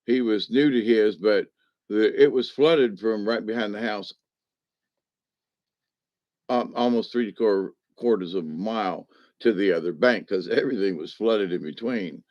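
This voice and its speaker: A man's voice: on the low side, unhurried, no room sound, lo-fi sound. A man telling a personal story in a casual, rambling way, folksy and meandering, with homespun slang.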